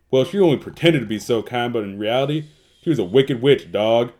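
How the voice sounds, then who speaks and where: A man tells a classic fairy tale as a comedy, keeping a storybook cadence while dropping in street slang. His voice sits at an ordinary middle pitch. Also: expressive, fairly quick, a little mellow. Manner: mock-storybook narration peppered with street slang. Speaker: narrator.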